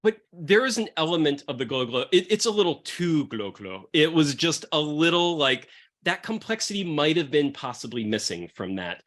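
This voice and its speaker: A man's voice: fairly high pitch, very animated, normal speed, a bit bright. A man hosting a podcast, chatting loosely and profanely about wine. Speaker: podcast host pairing wines with comics. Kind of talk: casual chat.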